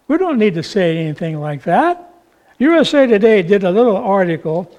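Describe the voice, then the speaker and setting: A man preaching a sermon, with slow, emphatic, drawn-out phrasing. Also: sits high, sing-song, darkish tone.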